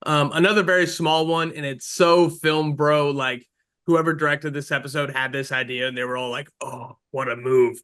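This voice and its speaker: A man hosting a podcast who talks in an energetic, blunt way and swears casually while discussing a show. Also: fairly high pitch, moderate pace, clear, resonant tone. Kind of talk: casual film review chat.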